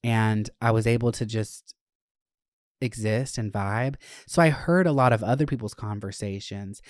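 A young adult podcast host telling stories in a casual, animated, profane way. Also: medium pitch, normal speed, no room sound, studio quality. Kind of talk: casual chat.

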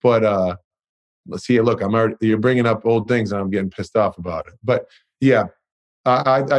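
A young man with a fairly low voice talks as a podcast guest in a loose, unguarded way. He swears freely and leans on lots of "you know" and "like". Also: a little mellow. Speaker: guest, pro basketball player. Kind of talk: casual interview chat.

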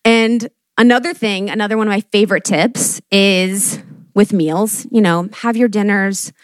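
A woman's voice: medium pitch, moderate pace, no echo. A young adult woman doing a stand-up comedy monologue, casual and profane, peppering her talk with "like" and acting out quotes. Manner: casual, fillers of "like", frequent swearing, acts out quotes.

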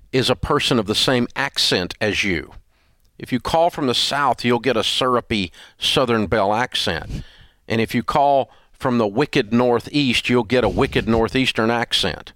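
A man's voice: medium pitch, a bit bright, no echo, studio quality. An older man hosting a radio advice show, blunt and scolding in an emphatic, repetitive way. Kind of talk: call-in advice show banter.

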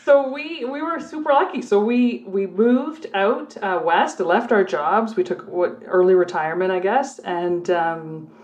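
A middle-aged woman from Canada, a former police officer, telling her stories in a relaxed, chatty way on a podcast. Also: medium pitch, a little slow, hardly any pauses. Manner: chatty storyteller, talks readily at length. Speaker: guest, former undercover cop and prosecutor. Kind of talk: casual podcast chat. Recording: muffled lo-fi audio.

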